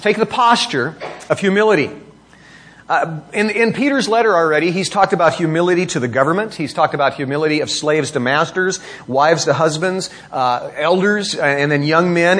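A middle-aged man preaching a sermon, reading scripture and explaining it with rhetorical questions and pitch that rises for emphasis. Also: fairly quick, fairly bright tone. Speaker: pastor.

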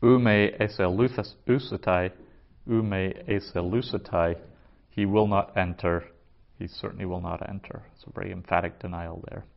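Slow, careful male Greek teacher. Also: low-pitched, steady tone, gravelly. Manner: slow, careful pronunciation with repetition. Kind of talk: vocabulary lesson. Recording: dull lo-fi recording.

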